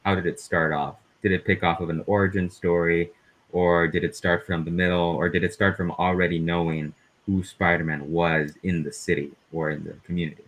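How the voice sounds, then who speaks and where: A man's voice: deep voice, flat delivery, fairly quick, fairly bright tone. A man hosting a casual interview, asking long, winding questions. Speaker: host.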